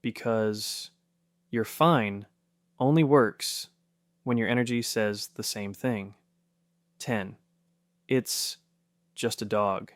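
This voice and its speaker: A man reading a scripted narration in a soft, steady, reassuring way. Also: on the low side, slow pace, pauses often, no room sound, studio quality.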